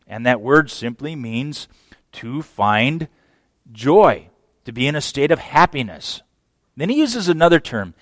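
A man preaching a sermon as pastor, emphatic, swinging from hushed phrases to loud exclamations. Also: mid-range voice, animated, unhurried, dry recording.

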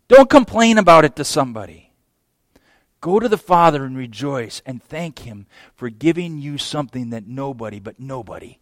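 A man preaching a sermon as pastor, emphatic, swinging from hushed phrases to loud exclamations. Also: medium pitch, no echo.

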